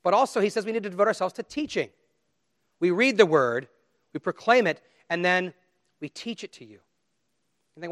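A middle-aged pastor delivering a sermon in an earnest, pleading way. His voice sits a little high for a man. He swings from loud, pressing emphasis down to quiet appeals. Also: expressive, moderate pace, pauses often.

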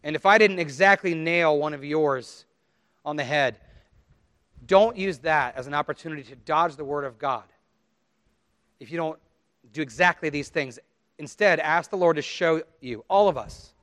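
Middle-aged male pastor, slightly high voice, dry close sound; chatty sermon delivery, voices his listeners' excuses. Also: moderate pace, pauses often, a bit bright, no room sound. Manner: conversational, acts out quoted inner voices.

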